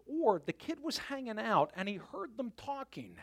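A male pastor preaching a sermon with animated storytelling, sometimes dropping to a near-whisper for emphasis. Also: extremely high pitch, normal speed.

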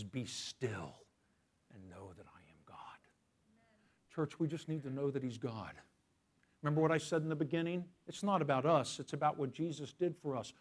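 A man preaching a sermon as pastor. He asks the congregation questions, slows down on key phrases and swings from loud emphasis to hushed whispers. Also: on the high side.

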